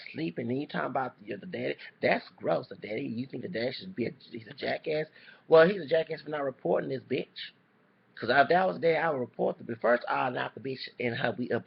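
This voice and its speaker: Male vlogger, heavy vocal fry, fired-up cussing commentary, muffled lo-fi sound. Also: medium pitch. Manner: heated, cussing, repetitive, apologizes for swearing. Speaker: YouTuber. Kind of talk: reaction commentary rant. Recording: dull lo-fi recording.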